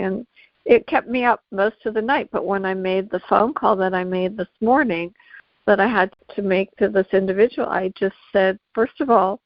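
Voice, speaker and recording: A woman's voice: medium pitch, dry recording. A woman co-hosting a podcast, speaking earnestly in casual conversation about a phone call she made. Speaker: podcast co-host. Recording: dry, dull lo-fi podcast audio.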